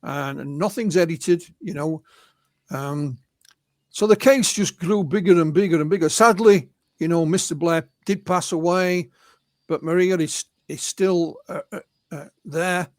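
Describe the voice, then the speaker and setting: English guy, kinda high voice, chatting through witness stories, dry close sound. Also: unhurried, no room sound. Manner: recounts witness stories, often quoting them. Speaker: guest researcher and author. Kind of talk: conversational storytelling interview.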